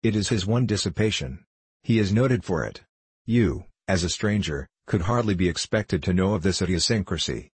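A man's voice: low-pitched, lively intonation, normal speed, husky, dry recording, heavily acted. A man voicing an agitated British politician who talks eagerly and tensely. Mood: confiding.

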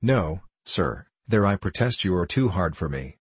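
A man's voice: deep voice, animated, unhurried, breathy edge, no room sound, full character voice. A man reading as an earnest self-important young man.

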